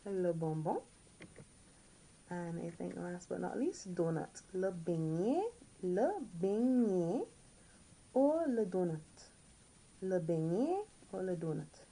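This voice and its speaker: A woman from the Caribbean teaching a recorded French lesson, repeating each word slowly and now and then correcting herself. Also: on the low side, lively intonation, mellow, poor audio. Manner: slow, repeats each word several times.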